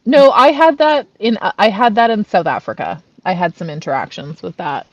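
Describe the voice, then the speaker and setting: Lively woman chatting on a podcast. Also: mid-range voice, moderate pace, no room sound, muffled recording. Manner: expressive, laughs often. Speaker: podcast co-host. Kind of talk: casual chat.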